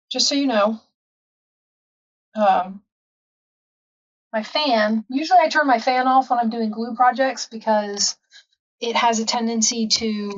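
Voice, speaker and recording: Chatty higher-voiced woman, distant mic. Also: muffled recording. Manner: chatty, rambling, frequent ums. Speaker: craft channel host. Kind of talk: casual craft tutorial. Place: home craft room.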